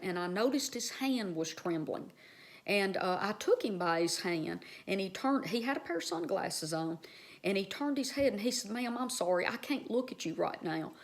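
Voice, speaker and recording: A woman's voice: mid-range voice, animated, normal speed. A woman vlogger telling a personal story in a casual, heartfelt, rambling way, speaking straight to her viewers.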